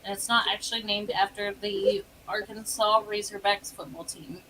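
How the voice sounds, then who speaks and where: A woman's voice: mid-range voice, flat delivery, normal speed, bright, forceful tone, a little hiss or hum, rough recording. A woman host in casual interview chat, chatty and now and then losing her train of thought. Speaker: podcast host.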